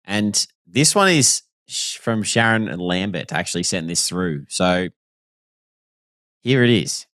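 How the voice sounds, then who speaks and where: A relaxed Australian man co-hosting a podcast in easygoing, matey banter. His voice sits a little low. The recording is dry and close, with no room sound. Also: unhurried, no room sound. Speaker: podcast co-host and footballer. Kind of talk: casual chat.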